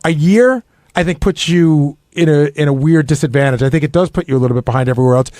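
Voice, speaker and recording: Quick-talking opinionated radio host man. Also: a little high, a little mellow, no room sound, clean studio sound. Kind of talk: casual radio talk. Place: radio studio.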